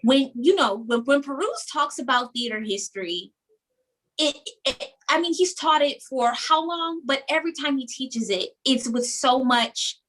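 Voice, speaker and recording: A young woman from New York, a guest telling stories in a casual interview, animated and often repeating words. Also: high-pitched, unhurried. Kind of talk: casual chat.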